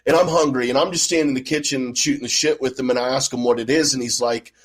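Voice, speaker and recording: A man's voice: mid-range voice, fairly even intonation, fast, poor audio. A man from the Midwestern US telling a rambling, profane story in a laid-back way as a podcast co-host. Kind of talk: casual chat.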